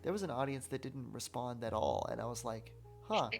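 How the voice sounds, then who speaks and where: A man hosts a relaxed podcast conversation, leaning into stories with an easy, chatty manner. His mid-range voice has a gravelly edge. Music plays clearly behind him. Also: mid-range voice, a little fast. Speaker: podcast host. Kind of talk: casual conversational interview.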